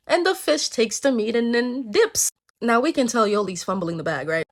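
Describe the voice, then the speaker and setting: A woman's voice: on the high side, animated, brisk, hardly any pauses. A woman retelling folktales casually, with playful, slangy asides. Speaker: storyteller.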